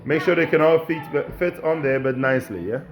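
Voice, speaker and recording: A man, a childcare educator gently encouraging and instructing children as they cook. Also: on the high side, brisk. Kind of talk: instructing children while cooking.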